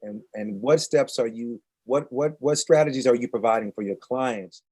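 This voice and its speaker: A man's voice: mid-range voice, normal speed, breathy edge. Chatty guy hosting an interview, keeps restarting his questions. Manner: animated, restarts and repeats himself. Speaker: interview host. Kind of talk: conversational interview.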